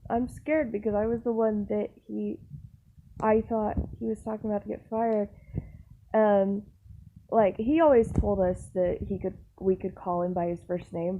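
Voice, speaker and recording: A young woman vlogging, telling a personal story in a chatty, animated way, full of restarts and exasperated asides. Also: mid-range voice, a little hiss or hum, poor audio. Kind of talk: casual storytelling.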